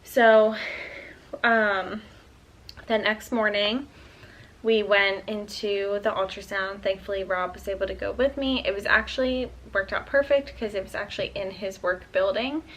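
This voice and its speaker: Woman, 20s, bright voice, casual vlog storytelling, chatty, lots of fillers. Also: medium pitch, a little slow, a little hiss or hum, low-quality recording. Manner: chatty, full of "um" and "like". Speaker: vlogger.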